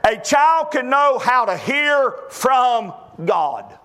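A middle-aged preacher man delivers a folksy sermon in a very high, bright, keen voice. He often stumbles and restarts his phrases as he tells his stories. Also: sing-song, slow pace. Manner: folksy storytelling with repeated restarts.

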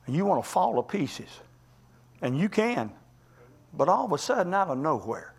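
Man preaching a sermon, high voice, folksy and impassioned, rises and falls. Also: big pitch swings, normal speed, gravelly, breathy edge. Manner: impassioned, folksy storytelling with sudden rises and drops.

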